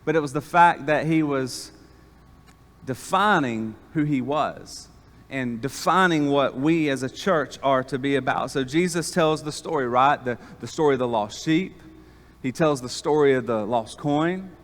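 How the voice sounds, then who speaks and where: A man preaching an animated sermon as pastor, calling on the congregation to respond. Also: medium pitch. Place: church sanctuary. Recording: long church reverb.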